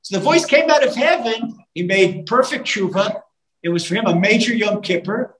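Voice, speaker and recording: A man's voice: high voice, normal speed, slight background noise. Fervent male rabbi preaching in a roomy hall. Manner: animated storytelling with sung lines and rising fervor. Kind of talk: storytelling sermon. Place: live talk in a room. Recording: roomy live hall recording.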